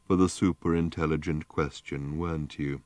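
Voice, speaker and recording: A man voicing an ancient, rusted, depressed male robot in an audiobook, with a slow, groaning, gloomy drawl. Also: very deep voice, fairly even intonation, a little mellow, no room sound.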